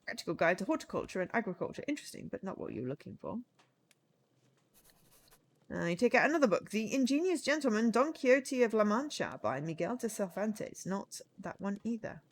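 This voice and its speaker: Woman, streamer, reading game text aloud, animated, lively pitch. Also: fairly quick. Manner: chatty, animated, reads with asides.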